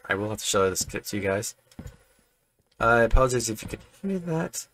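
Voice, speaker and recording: Male gamer, gravelly voice, rambling, chatty home-recorded commentary. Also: fairly low pitch, expressive, a little fast, a bit bright, slight background noise. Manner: rambling, chatty, self-correcting. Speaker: Minecraft building creator. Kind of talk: casual gameplay commentary. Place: home room.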